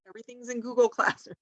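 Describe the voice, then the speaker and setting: A woman's voice: on the high side, fairly bright tone, no room sound. A woman teacher walking parents through a home reading activity step by step, patient and encouraging, with frequent "um"s and "okay?" check-ins. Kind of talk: instructional walkthrough for parents.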